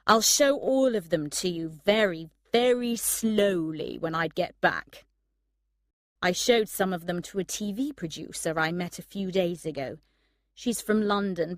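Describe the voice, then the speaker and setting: Young man, a bit drunk, writing to a friend, slow, low, read by a woman narrator. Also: no room sound, studio quality, close to an everyday voice.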